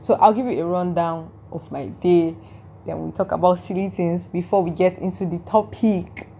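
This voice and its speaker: A woman's voice: on the low side, moderate pace, creaky, warm tone, slight background noise. A nineteen-year-old woman hosting a solo podcast, chatting casually and rambling with lots of "like," sounding tired. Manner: rambling and chatty, heavy use of "like". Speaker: podcast host.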